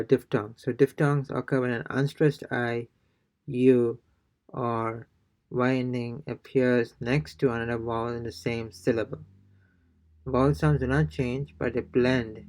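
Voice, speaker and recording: A man teaching an online pronunciation lesson, explaining slowly from his notes with many pauses and restarts. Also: medium pitch. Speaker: Spanish teacher.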